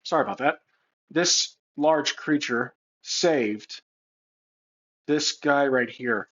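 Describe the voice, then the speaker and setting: A man's voice: mid-range voice, takes it slowly, a bit bright. Man musing aloud over a solo game. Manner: thinking aloud, hesitant, many restarts. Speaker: solo tabletop game player and narrator. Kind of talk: casual solo role-play narration. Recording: slightly dull lo-fi sound.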